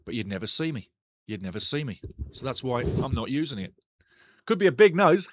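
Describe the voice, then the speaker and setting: A man's voice: medium pitch, very animated, fairly quick, no room sound. A man hosting a live football watchalong, chatting with viewers, reading their comments aloud and giving blunt, outspoken opinions while repeating himself often. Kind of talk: live stream chat and football talk. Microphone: desk microphone.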